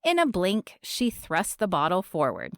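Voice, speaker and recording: A woman narrating a romance audiobook in the first person, expressive and storytelling. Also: on the low side, unhurried, smooth, no echo, studio quality.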